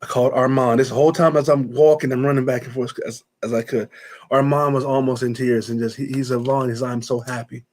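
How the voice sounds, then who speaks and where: Male interview guest, mid-pitched, emotional storyteller who retells dialogue and repeats himself. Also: steady tone, brisk, darkish tone. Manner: retells conversations in quoted speech, often repeating himself. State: choked up at times.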